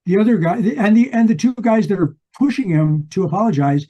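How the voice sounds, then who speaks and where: A man's voice: sits high, brisk, mellow, highs cut off. An older man co-hosting a book podcast, retelling a story in a rambling way with many restarts. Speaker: podcast co-host. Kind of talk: casual book discussion.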